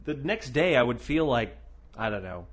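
A man co-hosting a casual chat show, animated and profane, raising his voice for emphasis. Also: mid-range voice, moderate pace. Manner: animated, swears a lot, shouts for emphasis. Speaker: podcast co-host.

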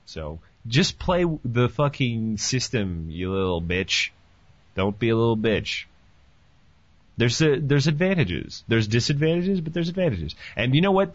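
A man hosting a podcast in casual chat, animated and profane, joking as he talks. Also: medium pitch, moderate pace, dry recording. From Canada. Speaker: podcast host. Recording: dull lo-fi dry sound.

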